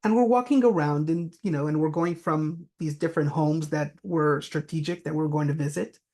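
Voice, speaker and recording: A man's voice: on the high side, normal speed, a little mellow. A man giving a business talk, telling anecdotes with frequent fillers. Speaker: presenter.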